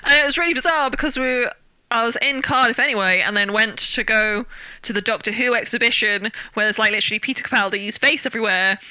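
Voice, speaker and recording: Young british woman, very bright voice, dry close sound, animated storytelling. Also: fast talker, clear, resonant tone, no echo. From Britain. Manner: animated storyteller, acts out quotes with big jumps in pitch. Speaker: guest actor. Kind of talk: casual interview chat.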